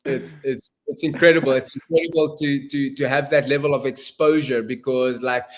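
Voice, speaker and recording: South african guy, calm and measured, agrees a lot, casual chat. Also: medium pitch, slight background noise. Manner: measured, agreeable, repeats phrases. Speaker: guest, performance consultant. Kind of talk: casual conversation.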